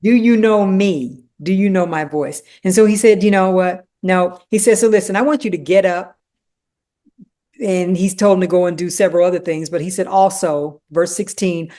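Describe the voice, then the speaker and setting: A woman leading a conversational Bible study, animated and acting out the dialogue, with frequent "you know" asides. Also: lowish voice.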